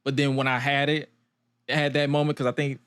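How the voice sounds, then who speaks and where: A man's voice: medium pitch, little pitch movement, a little fast, fairly bright tone, clean tone. A young man hosting a podcast, telling stories in a loose, casual way with quoted asides. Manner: loose, storytelling with quoted asides and frequent laughs. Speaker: podcast host. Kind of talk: casual chat.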